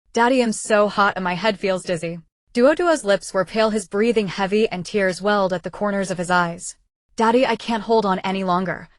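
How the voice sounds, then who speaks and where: A woman narrating a translated web novel as an audiobook, reading in an even, steady manner. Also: medium pitch, dry recording.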